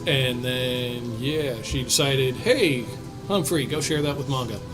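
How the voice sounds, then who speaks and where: A man's voice: mid-range voice, measured pace, over music, low-quality recording. Laid-back man recapping a game. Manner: laid-back, trailing off with fillers and laughs. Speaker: podcast co-host recapping a tabletop campaign. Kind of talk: casual recap chat.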